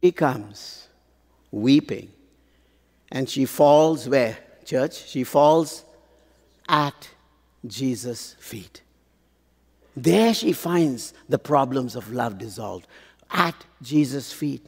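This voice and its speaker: A man preaching a sermon, pausing for effect and asking the congregation rhetorical questions. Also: mid-range voice, lively intonation, a little mellow, breathy edge. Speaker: pastor. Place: large church hall. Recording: long hall reverb.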